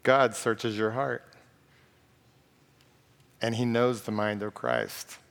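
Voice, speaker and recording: A pastor preaching a sermon in a conversational, joking way and reading scripture aloud. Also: male voice, on the low side, sing-song, slow, creaky, fairly bright tone. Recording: long reverb of a large hall.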